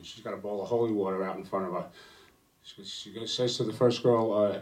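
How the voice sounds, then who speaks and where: A man telling stand-up jokes with a halting delivery full of fillers. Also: lowish voice, level tone, darkish tone. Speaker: stand-up comedian. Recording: voice slightly distant from mic.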